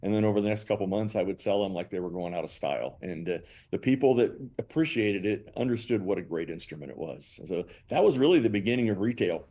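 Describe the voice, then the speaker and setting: An older man, a company founder and guest, telling animated stories and acting out both sides of past conversations. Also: lowish voice, quick pace, few pauses. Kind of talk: storytelling interview answers.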